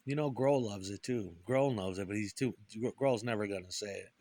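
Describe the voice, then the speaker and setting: A man's voice: medium pitch, normal speed, a little mellow. A middle-aged man talking bitterly and profanely in a rambling monologue about guitar and his past. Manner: profane, bitter, puts on voices for quoted people.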